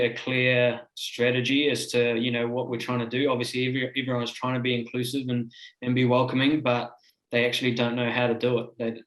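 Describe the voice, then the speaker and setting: A man answering a panel question on a video call, reflective and measured. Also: medium pitch. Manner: reflective, flat delivery. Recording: echoey room on a video call.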